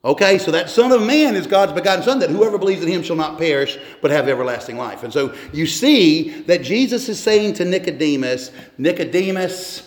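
A man's voice: fairly high pitch, animated, brisk, few pauses. A man giving a sermon as pastor, earnest and conversational, often restarting his sentences. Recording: echoey hall with long reverb.

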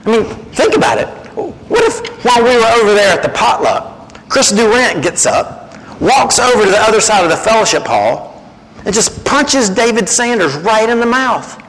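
A man's voice: sits high, measured pace, long reverb tail, a little hiss or hum, poor audio. A man preaching as a guest speaker, acting out the voices he quotes. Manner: animated, acts out quoted voices. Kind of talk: sermon.

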